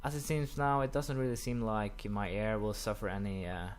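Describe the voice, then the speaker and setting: A young man commenting casually while playing a strategy game, rambling with many fillers and quick apologetic asides. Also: on the low side, steady tone, clean tone. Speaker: gaming commentator. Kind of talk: casual let's-play commentary.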